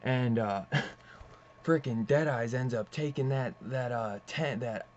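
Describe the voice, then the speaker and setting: A young man casually reviewing a comic book, rambling and excitable, swearing and saying "dude" often. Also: medium pitch, slow. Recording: slightly dull lo-fi audio with faint hiss.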